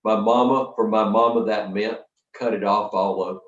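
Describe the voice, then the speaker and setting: An older man leading a storytelling workshop, talking to a live audience in a folksy, lively way with dramatic pauses. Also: fairly low pitch. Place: workshop hall. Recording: roomy, distant, dull sound from the back of a hall.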